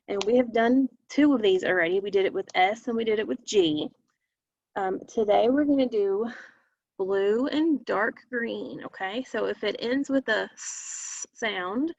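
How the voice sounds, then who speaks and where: Woman teacher doing phonics for little kids, super slow and careful, gravelly voice, dry dull lo-fi sound. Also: mid-range voice, dry recording. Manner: slow, deliberate word-by-word modeling. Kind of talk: phonics lesson for young children.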